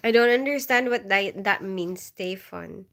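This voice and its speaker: A woman's voice: mid-range voice, unhurried, a bit bright. Woman, from the Philippines, livestream host, casual chat, giggly, reads comments aloud. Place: bedroom.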